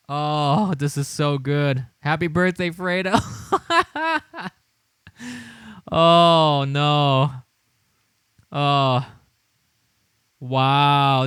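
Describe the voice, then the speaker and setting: Man with a smooth dry voice. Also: a little high, a bit bright, dry recording. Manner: laughing, incredulous, rambling with restarts. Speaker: livestream host. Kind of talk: casual livestream commentary.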